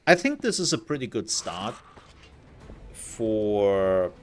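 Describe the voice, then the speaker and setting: A man's voice: on the low side, sing-song, slow. A man giving casual let's-play commentary, thinking aloud as he plays and trailing off into fillers. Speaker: gaming content creator.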